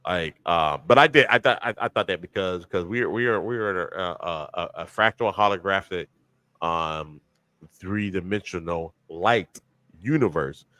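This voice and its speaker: A man co-hosting a podcast in casual chat, rambling and animated, with many restarts and slang. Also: low-pitched, normal speed, dry recording. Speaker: podcast co-host.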